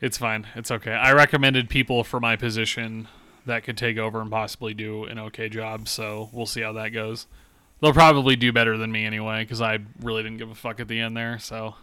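Podcast co-host, male, bright clean voice, dry close sound, swears freely, laughs a lot. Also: lowish voice, flat delivery, fairly quick, smooth, dry recording. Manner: profane, laughs loudly at his own stories. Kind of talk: casual chat.

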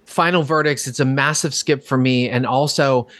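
A man co-hosting a casual movie review podcast, talking in an animated, rambling way with lots of fillers. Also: mid-range voice, moderate pace, no room sound. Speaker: podcast co-host.

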